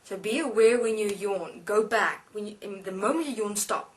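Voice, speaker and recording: A woman lectures in a slow, deliberate way, pausing and restarting as she instructs. Her pitch sits in a middle range. The mic is some distance from her, which gives the voice a distant sound. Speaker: speaker channeling a spirit being. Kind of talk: spiritual lecture.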